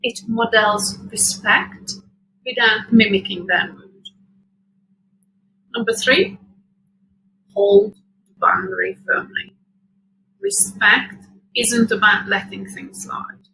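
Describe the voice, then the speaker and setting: Slow, bright-voiced woman parenting host. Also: on the high side, gravelly, slight background noise, low-quality recording. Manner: calm, measured and reassuring. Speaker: podcast host. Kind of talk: scripted parenting advice talk.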